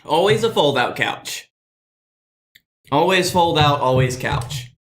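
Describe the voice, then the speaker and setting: A man co-hosting a comedy podcast, calmly describing hot sauces in casual chat. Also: fairly high pitch, takes it slowly, reverberant. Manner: relaxed, agreeable, reads sauce notes calmly. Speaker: podcast co-host.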